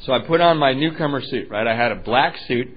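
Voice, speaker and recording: A man telling his own recovery story at a meeting, animated and self-mocking, often laughing at himself. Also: mid-range voice, a little fast. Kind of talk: personal storytelling talk. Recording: muffled lo-fi recording.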